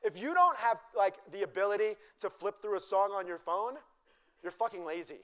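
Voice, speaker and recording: A man's voice: high voice, animated, moderate pace, fairly bright tone. A man giving a live cooking demonstration to an audience, joking and teasing the crowd in a chatty way.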